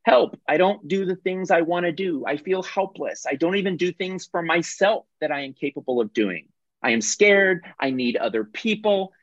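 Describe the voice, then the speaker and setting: A man's voice: high-pitched, lively intonation, moderate pace, no echo, pitched above the performer's own voice. A man voicing a helpless, scared adult in the victim role, pleading in a small, childlike way over dull, dry video-call audio.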